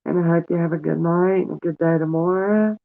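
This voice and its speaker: Speaking a little fast in a lowish, gravelly, steady voice, a middle-aged woman talks casually to her live-stream audience. The sound is tinny like a phone, and she's tearful and warm, addressing viewers as honey and sweetie.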